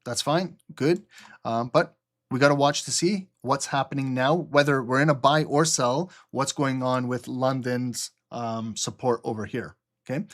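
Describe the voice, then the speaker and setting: A man's voice: medium pitch, steady tone, measured pace. A man hosting a trading livestream, explaining the market live and often checking in with "okay?" while answering viewer chat.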